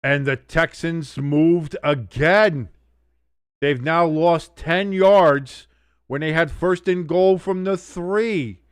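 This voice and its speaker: A man hosting a sports watch-along stream, giving excitable play-by-play with blunt, profane reactions. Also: on the high side, slow, clear, resonant tone, dry recording, studio quality. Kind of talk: casual live sports commentary.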